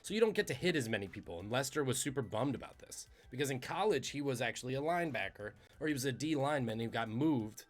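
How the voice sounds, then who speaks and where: A man hosting a podcast, telling trivia stories in a casual, animated, conversational way. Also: mid-range voice, quick pace, hardly any pauses. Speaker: podcast host.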